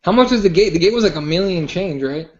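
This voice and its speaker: A man's voice: high voice, lively intonation, quick pace, a little mellow, lo-fi sound. A man co-hosting a podcast, laughing along and steering the topics in casual sports banter. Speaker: podcast co-host.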